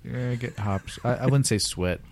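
A man's voice: mid-range voice, moderate pace, gravelly, a little mellow, a little hiss or hum. A man co-hosting a casual beer tasting chat, chatty and hesitant, laughing often. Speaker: beer podcast co-host.

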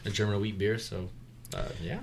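A man's voice: on the low side, flat delivery, normal speed, slight background noise. A man co-hosting a casual beer-tasting podcast, easygoing and jokey, trailing off with fillers. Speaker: podcast co-host.

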